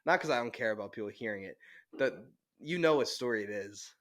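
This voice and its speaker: A man's voice: lowish voice, brisk. Laughing young man telling stories. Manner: animated storytelling with frequent laughs. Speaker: podcast co-host. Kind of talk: casual chat. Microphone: handheld mic, sometimes held away.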